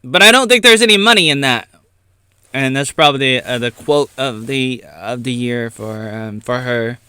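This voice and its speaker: Rambling man ranting alone, crisp and bright. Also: mid-range voice, moderate pace, dry recording. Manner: rambling, self-interrupting, goes off on tangents. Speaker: YouTuber. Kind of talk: rambling solo rant.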